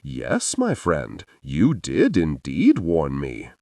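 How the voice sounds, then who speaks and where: A man narrating an audiobook, voicing a small, sage alien who speaks slowly, formally and gravely. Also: very deep voice, huge pitch swings, warm tone, no echo, exaggerated voice. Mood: solemn. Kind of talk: audiobook character voice.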